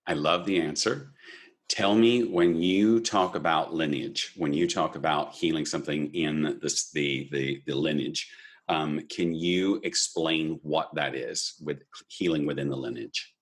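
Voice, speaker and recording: A man hosting an interview, asking gentle, probing questions that often stall and restart. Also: extremely low pitch, unhurried. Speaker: host. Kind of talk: conversational interview.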